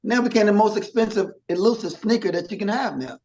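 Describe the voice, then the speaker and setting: A middle-aged man guesting on an interview, his voice sitting a little higher than most men's. He rambles in a casual, animated way, restarting sentences and acting out quick quotes. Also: a little hiss or hum.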